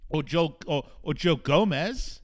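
Man, soccer radio host, high-pitched voice, frustrated and emphatic, hammering points with repetition. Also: lively intonation, unhurried. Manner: frustrated, emphatic, repeats phrases for punch. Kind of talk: opinionated sports talk monologue.

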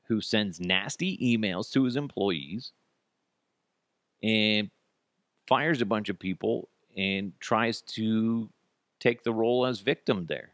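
A man's voice: fairly low pitch, no echo, studio quality. A man hosting a podcast alone, giving blunt, profane, sarcastic commentary. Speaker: podcast host. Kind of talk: solo commentary.

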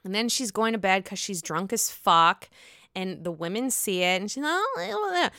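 A woman's voice: mid-range voice, normal speed, bright, forceful tone, dry recording, clean studio sound. A woman giving a casual, gossipy spoken recap of a reality TV episode, blunt, chatty and freely profane.

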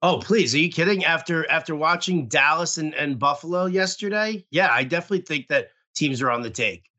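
A man's voice: on the high side, fairly quick, pushed and bright. A man co-hosting a casual podcast while watching a football game, wry and joking. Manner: wry and joking, laughs easily. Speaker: podcast co-host.

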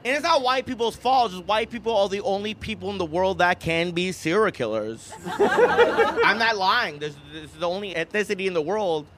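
A young man from the United States performing a stand-up comedy set, punchy and animated, slipping into mocking impressions. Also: high-pitched, normal speed. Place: comedy club stage. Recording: live club recording with crowd noise. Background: audience laughter.

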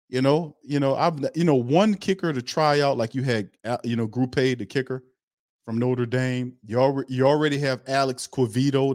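A man's voice: medium pitch, darkish tone, dry recording. Blunt fired-up man, dry close sound. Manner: blunt, fired-up, repeats points for emphasis; laughs between remarks. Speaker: sports podcast host. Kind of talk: casual opinion commentary.

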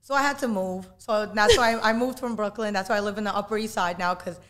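A woman's voice: medium pitch, fast talker, fairly bright tone. A young woman, a guest, telling personal stories in blunt, casual slang. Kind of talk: casual storytelling.

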